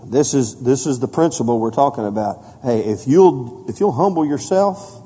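Husky preacher in a reverberant hall. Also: male voice, lively intonation, normal speed. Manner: preaches with rising emphasis, drops soft and low for solemn points. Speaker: pastor. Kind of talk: sermon.

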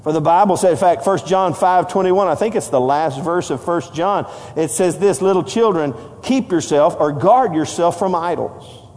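An older man preaching a sermon to his congregation, passionate, climbing into shouted lines. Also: fairly high pitch, normal speed, hardly any pauses. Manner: impassioned, rising to shouts. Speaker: pastor. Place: church sanctuary. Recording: long hall reverb.

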